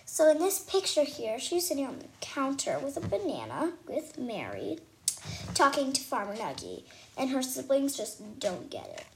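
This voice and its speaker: A woman reading a children's chapter book aloud with expressive, animated storytelling. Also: high-pitched, moderate pace, a little hiss or hum. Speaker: reader.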